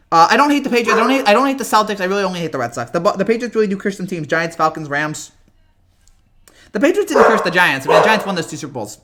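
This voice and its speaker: A young man hosting a casual live reaction stream, rambling and excitable, whose voice cracks often. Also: high-pitched. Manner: rambling, excitable, repeats himself.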